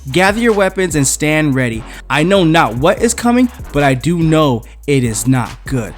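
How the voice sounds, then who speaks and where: A proud female angel general, done by a man speaks in a formal, solemn, declaiming manner. The pitch moves in a lively way, with faint music behind. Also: moderate pace. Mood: solemn resolve.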